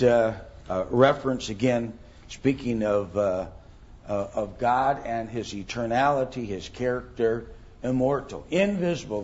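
A man's voice: mid-range voice, a little mellow, muffled recording. A middle-aged man teaching a Bible class, thinking aloud with many ums and rhetorical questions.

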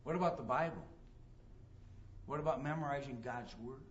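A man's voice: medium pitch, normal speed, muffled recording, slight background noise. A man preaching a sermon emphatically, reading scripture aloud and acting out the people in his stories. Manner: emphatic preaching, reads scripture aloud, acts out quoted dialogue.

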